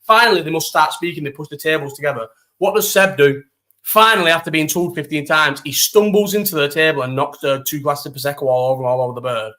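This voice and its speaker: A young man hosts a casual live chat, telling a holiday story full of slang and swearing. His voice sits a little high and sounds bright and forceful. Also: fast.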